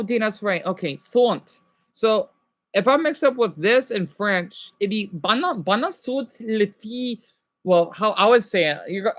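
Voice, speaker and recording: A man's voice: high voice, fairly bright tone, no echo, muffled recording. A man streaming live and chatting casually with viewers, rambling, correcting himself and slipping in French phrases. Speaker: livestreamer answering viewers.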